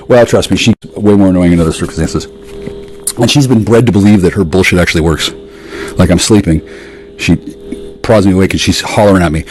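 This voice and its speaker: A man in a rambling, profane monologue, sarcastic and ranting, with sudden jumps up in pitch. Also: a little mellow, poor audio.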